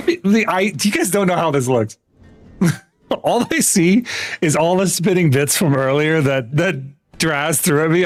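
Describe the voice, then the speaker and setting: A man's voice: fairly high pitch, no room sound. A young man chatting casually with viewers while livestreaming a game, rambling with lots of restarts and easy laughs. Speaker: gaming livestreamer. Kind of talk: casual chat while gaming.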